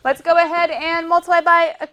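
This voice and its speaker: A woman's voice: very high voice, little pitch movement, brisk, a bit bright, highs cut off. A woman teaching a math class, chatty and playful, often talking to herself as she works through problems. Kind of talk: classroom lecture. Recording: faint background noise.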